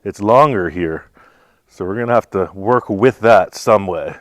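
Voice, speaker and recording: Easygoing guy, teasing dry humor, fairly low voice, dead dry sound. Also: a little slow, no room sound. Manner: dry teasing jokes, laid-back. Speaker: car builder and host. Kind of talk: casual on-camera banter.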